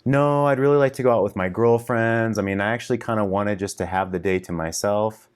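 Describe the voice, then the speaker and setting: A man's voice: fairly low pitch, a little fast, smooth, natural voice. A man voicing a wife who turns down a date in an easygoing, polite way.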